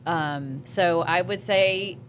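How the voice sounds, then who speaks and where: A woman's voice: on the low side, slow, slight background noise. A woman with a Southern American accent, chatting upbeat as an actress guest on a talk show. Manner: chatty, upbeat, with many restarts. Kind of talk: casual interview chat.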